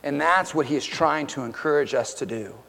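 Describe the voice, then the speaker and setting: A high-voiced man in his forties delivers a sermon with emphatic preaching, rising to loud declarations and dropping to near-hushed lines. His voice rings out with a long hall reverb behind it, as in a church auditorium. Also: a little fast, vocal fry. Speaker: pastor.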